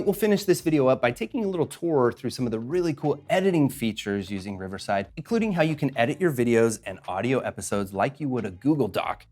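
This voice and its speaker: A man hosting a podcasting tutorial and chatting through a screen-share walkthrough. He keeps it upbeat, with quick jokes, and speaks into a podcast mic. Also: medium pitch, darkish tone. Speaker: host and podcasting instructor. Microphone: podcast mic through a mixer.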